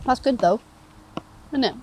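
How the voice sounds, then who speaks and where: A woman's voice: fairly high pitch, animated, measured pace, darkish tone, breathy edge. A woman chatting casually while showing how she makes toasties outdoors on a fishing bank, laughing often. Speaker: co-presenter, cooking on the bank. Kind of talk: casual cooking demo chat.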